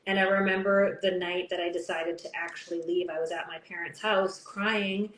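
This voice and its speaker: A woman's voice: fairly low pitch, fairly even intonation, moderate pace, fairly bright tone. A Canadian woman hosting a podcast, telling personal stories openly in a casual, chatty way with lots of "like". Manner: open, personal storytelling with frequent "like". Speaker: podcast host. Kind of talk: casual conversation. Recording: roomy echo, faint background noise.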